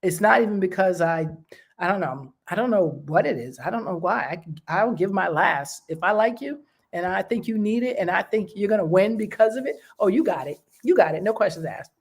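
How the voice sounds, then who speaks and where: A woman's voice: medium pitch, lively intonation, fairly quick, slightly rough. Encouraging woman talking straight to listeners. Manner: direct, encouraging, conversational with many fillers. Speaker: host. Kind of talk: casual motivational talk.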